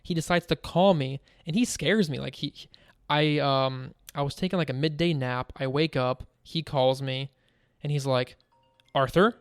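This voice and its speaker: A man's voice: a little high, moderate pace, clear, resonant tone, no room sound, clean studio sound. A man co-hosting a casual gaming podcast, telling stories animatedly and laughing as he goes. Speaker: podcast co-host. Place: home.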